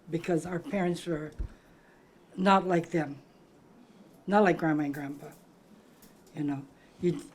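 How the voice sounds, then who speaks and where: An older woman from Hawaii speaks with a Hawaiian Pidgin lilt in a somewhat low voice. She reminisces conversationally, rambling and pausing to search for words. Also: dark tone. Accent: Hawaiian Pidgin-tinged English. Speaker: granddaughter sharing memories.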